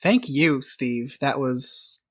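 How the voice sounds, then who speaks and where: A man's voice: medium pitch, expressive, drawn-out words. Laughing man co-hosting a podcast. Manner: laughs often, easygoing. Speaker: podcast co-host. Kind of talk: casual podcast chat.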